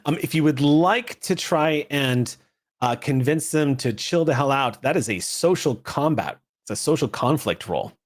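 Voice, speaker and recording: A man's voice: on the high side, lively intonation, moderate pace. A man running a tabletop role-playing game, narrating scenes and explaining the rules with plenty of fillers. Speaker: game master.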